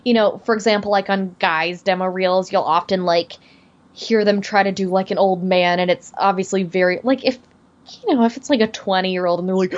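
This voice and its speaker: A woman's voice: mid-range voice, normal speed, lo-fi sound. A young woman, a voice actor, talking casually in a podcast chat with lots of fillers and restarts. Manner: chatty, many fillers and restarts. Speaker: voice actor guest.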